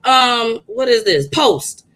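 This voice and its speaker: Bright, forceful woman co-host, loud and animated, swears a lot. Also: fairly high pitch, takes it slowly, poor audio. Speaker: podcast co-host. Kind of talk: casual chat and storytelling.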